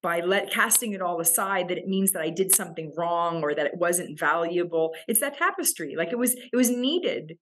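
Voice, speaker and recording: A woman's voice: on the low side, lively intonation, moderate pace, few pauses, fairly bright tone. A woman leadership coach, a guest in a casual interview, who tells stories animatedly, often repeats words as she thinks, and laughs between thoughts.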